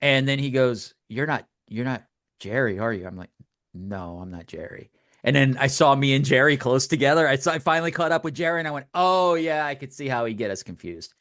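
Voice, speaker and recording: An older man co-hosts a podcast, chatting casually and telling stories as an animated storyteller who acts out quotes. He talks fast in a mid-range voice, recorded dry at studio quality.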